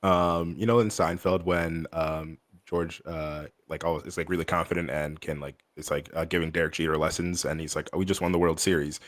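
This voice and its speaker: Low-voiced rambling podcast man. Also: fairly even intonation, moderate pace, few pauses, a bit bright. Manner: rambling, heavy on fillers. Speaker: podcast co-host. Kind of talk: casual sports podcast chat.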